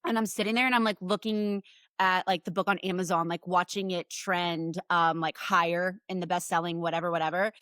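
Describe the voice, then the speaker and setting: A woman guest author on a podcast, telling stories in an animated way and swearing casually. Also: on the low side, a little fast, dry recording, clean studio sound.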